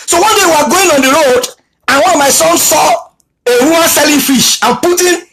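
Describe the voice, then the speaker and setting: A middle-aged man preaching, his voice pitched notably high for a man. He tells stories and drives points home by repeating key phrases. Faint noise sits behind him. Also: moderate pace. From Nigeria. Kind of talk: sermon with storytelling.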